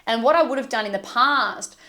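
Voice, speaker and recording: A young adult woman from Australia, working as an emotional intelligence coach, talks earnestly and gently in a podcast conversation, telling stories with soft quoted asides. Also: fairly high pitch, fairly quick.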